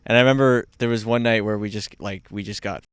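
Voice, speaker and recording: Smooth-voiced man telling a story. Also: on the low side, steady tone, fast talker, fairly bright tone, no echo, clean studio sound. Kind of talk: casual storytelling.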